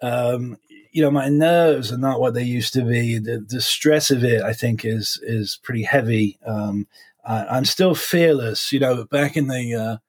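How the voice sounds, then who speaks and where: A man in his forties, a defense attorney, talking in an interview in a halting, reflective way with many restarts. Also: mid-range voice, breathy edge. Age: 40s.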